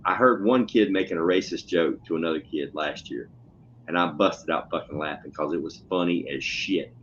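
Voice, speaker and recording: Deep-voiced man, blunt profane storyteller, casual podcast chat, dull lo-fi sound with faint hiss. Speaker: podcast co-host, schoolteacher. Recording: dull lo-fi audio with faint noise.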